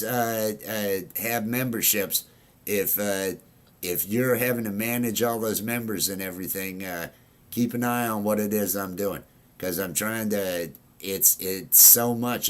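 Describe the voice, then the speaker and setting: Man, livestream host, casual chat, low voice, rambling, lots of fillers. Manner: rambling, many fillers and restarts.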